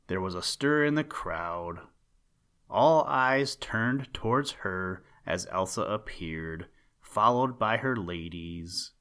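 A man reading an old storybook tale aloud in a calm, measured way. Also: fairly low pitch, clean tone.

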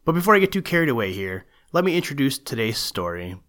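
A man's voice: mid-range voice, very animated, quick pace, a bit bright. Friendly man reading a children's story aloud. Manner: friendly, chatty intros.

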